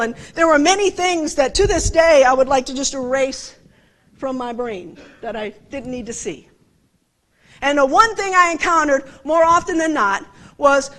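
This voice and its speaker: A woman's voice: high-pitched, fairly bright tone, poor audio. A woman preaching a sermon, telling personal stories with passion and asking her listeners rhetorical questions.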